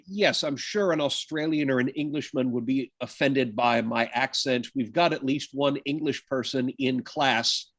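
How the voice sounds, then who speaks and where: Brief: male biology lecturer, slow and deliberate, filler-heavy, dry close-miked sound. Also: mid-range voice, no echo. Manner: conversational, lots of uh and um, self-deprecating asides. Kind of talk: university lecture.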